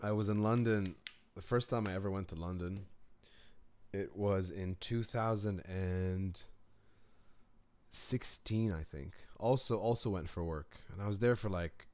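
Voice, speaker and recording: A young man hosting a live reaction stream from home, chatting casually and excitedly about viewers' comments. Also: low-pitched, unhurried, smooth. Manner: excitable, chatty, laughs easily. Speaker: reaction channel host.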